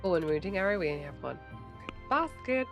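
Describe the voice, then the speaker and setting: A woman's voice: on the low side, animated, brisk, over music. A woman chatting casually while streaming a game, giggly and swearing freely. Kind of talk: casual livestream chat while gaming.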